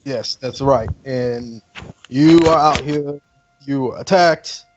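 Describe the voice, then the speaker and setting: A man voicing a drunk, forgetful male wizard who scowls, rambles and shouts boisterously in a tabletop game. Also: mid-range voice, slow pace, muffled recording, noisy background, natural voice. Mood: tipsy, confused. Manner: slurring, scowling, boisterous, confused.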